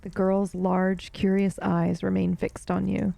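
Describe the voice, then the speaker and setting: A woman's voice: mid-range voice, level tone, a little slow, gravelly, mellow, no echo. A young woman streaming a story game, chatting casually with her viewers and reading the game's text aloud, laughing often. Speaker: let's play streamer.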